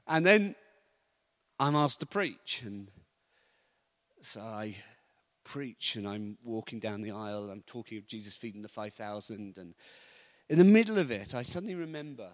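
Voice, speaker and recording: A man preaching, telling stories in a lively, anecdotal way and chuckling often. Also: mid-range voice, normal speed. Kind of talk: storytelling sermon.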